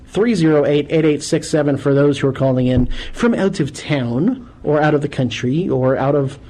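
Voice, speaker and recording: A man hosting a call-in radio show, chatting casually and animatedly with loud bursts of exclamation. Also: fairly high pitch, normal speed, low-quality recording.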